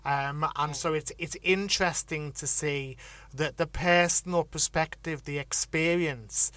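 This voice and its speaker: Bright-voiced Liverpudlian radio host. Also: male voice, fairly high pitch, measured pace, no echo. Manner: reflective, easygoing, with frequent fillers. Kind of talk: casual interview chat.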